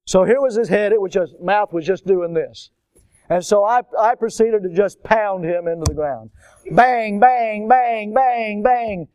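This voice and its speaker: A man's voice: sits high, moderate pace, slight background noise. A man from Florida preaching a storytelling sermon, acting out the voices in his story. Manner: animated storyteller, acts out voices.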